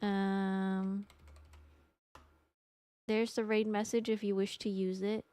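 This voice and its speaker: A woman's voice: mid-range voice, little pitch movement, takes it slowly, mellow, smooth, dry recording. A young adult woman chatting casually with her live-stream audience, rambling and joking at her own expense. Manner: chatty, rambling, self-mocking.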